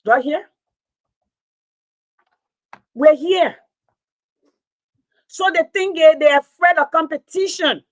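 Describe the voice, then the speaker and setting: A woman's voice: very high-pitched, slow, long pauses, no echo, low-quality recording. A woman, a teacher talking straight to her online audience in an impassioned, preachy monologue, repeating her points for emphasis.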